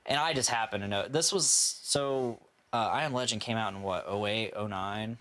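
A man's voice: on the low side, moderate pace, pushed and bright. A man casually telling a rambling, swearing story among friends, often laughing.

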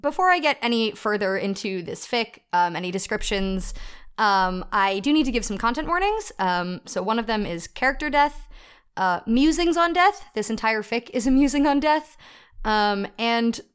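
On a laid-back podcast about fan fiction, this young female co-host talks at normal speed in a smooth, fairly high voice with lively intonation. Her explanations wander into plenty of asides, and she laughs a lot.

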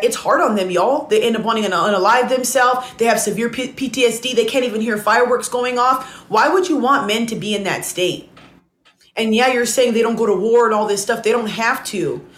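A woman's voice: a little high, reverberant. A woman content creator giving a blunt, indignant reaction commentary, talking straight to her viewers. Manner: talks while eating.

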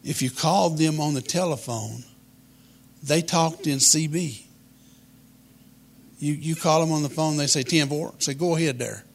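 A man, telling a humorous childhood story in a folksy, deadpan way. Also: fairly high pitch, measured pace, vocal fry, pauses often.

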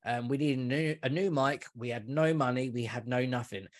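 A man's voice: mid-range voice, brisk. Guy on a football podcast, swears a lot, says mate and man. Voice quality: swears freely, calls listener mate and man. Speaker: podcast guest. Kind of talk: casual chat.

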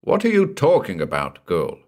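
A man booming as a burly jovial doctor. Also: huge pitch swings, moderate pace, a little mellow. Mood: gruff. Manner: booming, bluff and hearty. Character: burly jovial middle-aged male doctor.

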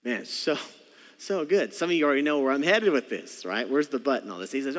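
A man preaching a sermon as pastor, animated, acting out voices and calling for responses from the congregation. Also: a little high, brisk, big-room sound. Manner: animated, acts out voices, calls for audience response. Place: church sanctuary.

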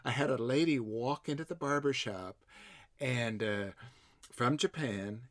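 Halting older man reminiscing. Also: mid-range voice, dry recording, clean studio sound. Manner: halting, repeats words, warm chuckles. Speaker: former theme park barber. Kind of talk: reminiscing conversation.

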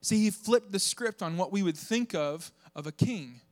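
A young male pastor from the southern United States delivering a sermon to his congregation. His voice sits high for a man. He preaches with animated energy, cracking jokes and pushing his voice up into shouts to drive a point home. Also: normal speed. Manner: animated, joking, voice rises to shouts for emphasis.

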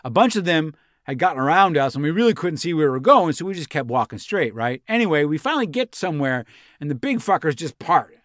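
A man's voice: on the high side, very animated, fast talker, a bit bright, dry recording, clean studio sound. A man voicing a breathless, rambling young Roman envoy who talks like a slang-heavy, swearing bro. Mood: breathless, excited. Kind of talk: comic reenactment in a podcast.

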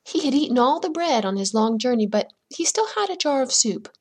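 A woman's voice: high-pitched, sing-song, brisk. A woman hosting a podcast, telling a folktale dramatically and dipping into whispers for suspense. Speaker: podcast host and storyteller. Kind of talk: storytelling a folktale.

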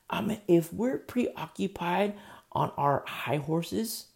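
A man preaching a sermon, impassioned, rising to emphatic questions and dropping to a hush. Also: a little high, animated, measured pace, gravelly.

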